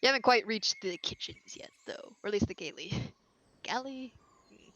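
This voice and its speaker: A woman's voice: medium pitch, animated, normal speed, fairly bright tone. A woman narrating as game master of a tabletop role-play, rambling with many fillers and easy laughs.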